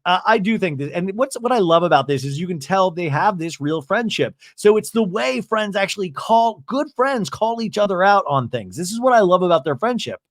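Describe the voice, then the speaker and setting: A man's voice: high voice, animated, fairly quick, hardly any pauses, no echo, studio quality. A man hosting a comedy podcast, recapping a reality show in a gossipy, campy way. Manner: gossipy, campy, jumps into voices. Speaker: podcast host.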